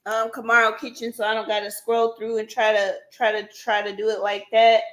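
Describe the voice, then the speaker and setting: A woman hosting a live stream in a casual, chatty way. She keeps talking to her viewers as y'all and breaks into excited shouts and laughs. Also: fairly high pitch, fairly quick. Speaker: livestream host running a giveaway. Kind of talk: casual livestream chat with viewers. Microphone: computer mic on a live stream.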